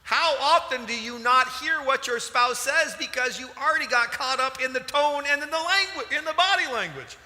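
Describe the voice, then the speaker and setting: A man preaching a sermon as a pastor, animated and emphatic, with sudden loud bursts. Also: very high voice, normal speed, few pauses. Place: church hall. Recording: large hall reverb.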